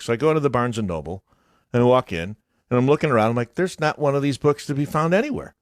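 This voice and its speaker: A man's voice: mid-range voice, sing-song, a little fast, no echo, studio quality, soft background music. A man hosting a morning radio show, telling a long rambling story in casual banter with his co-hosts. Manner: rambling storyteller with lots of restarts. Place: radio studio. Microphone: studio mic.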